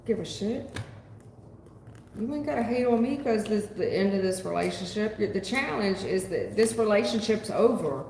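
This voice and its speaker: A woman's voice: mid-range voice, brisk. Blunt woman reading tarot in echoey room. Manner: blunt and profane, animated, talks back to chat. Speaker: tarot reader. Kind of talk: live-stream tarot reading. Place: home room. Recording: echoey room with long reverb, faint noise.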